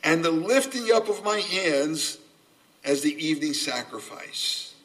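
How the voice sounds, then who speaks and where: An older man preaching a sermon, earnest and gently humorous, a self-described subdued speaker. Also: on the high side, expressive, measured pace. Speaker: pastor. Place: church sanctuary. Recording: voice from a distance off the mic.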